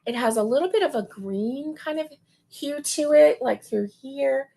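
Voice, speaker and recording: A woman's voice: high-pitched, creaky, dark tone. A woman hosting a casual chat about yarn, gushing and laughing as she talks. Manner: gushing, slow and chatty, laughs often. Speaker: host.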